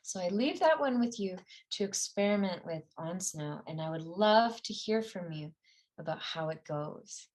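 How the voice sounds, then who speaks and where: A woman's voice: on the low side, expressive, moderate pace, darkish tone. A middle-aged woman teaching a mental-training class, speaking in an earnest, conversational way with some fillers and self-corrections. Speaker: meditation and ski performance teacher. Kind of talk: guided class talk.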